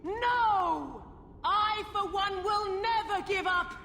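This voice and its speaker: A woman's voice: extremely high pitch, slow pace, bright, forceful tone, roomy sound, in a large hall, a little hiss or hum, full character voice. A woman voicing a defiant female commander who gives a rousing, declamatory speech to besieged warriors in a video game cutscene.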